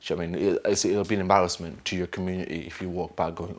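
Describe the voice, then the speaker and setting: A young man with a Lancashire accent talks through his memories in an unscripted interview. His voice sits very low. He rambles, mocks himself and slips into other people's voices as he tells his stories. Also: little pitch movement, rapid-fire. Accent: Northern English, Lancashire. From England, Burnley. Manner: rambling, self-mocking storyteller with laughs and mimicry. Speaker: actor interviewee.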